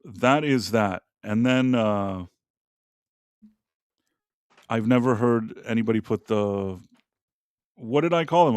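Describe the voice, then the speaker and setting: A man's voice: medium pitch, slow, long pauses, darkish tone, no room sound. Rambling, blunt man hosting a live chat. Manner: blunt, opinionated, rambling with profanity. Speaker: podcast host. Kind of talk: casual live-stream chat.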